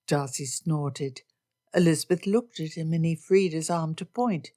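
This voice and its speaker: A woman reads a romance novel aloud with steady, expressive narration. Her voice sits on the lower side for a woman. The delivery is even and attentive to the story. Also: measured pace. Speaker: audiobook narrator. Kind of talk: scripted narration.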